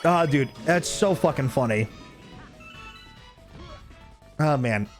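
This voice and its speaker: A man's voice: medium pitch, moderate pace, soft background music. A man streaming a game, telling stories with heavy swearing and frequent laughter. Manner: profane, laughing, animated venting. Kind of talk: casual gameplay commentary with storytelling.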